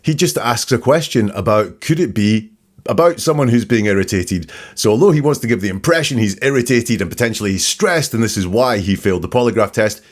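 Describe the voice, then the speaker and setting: A man's voice: on the low side, a little fast. A man hosting a commentary, methodically breaking down the words of an interrogation. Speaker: host and analyst. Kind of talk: analytical commentary.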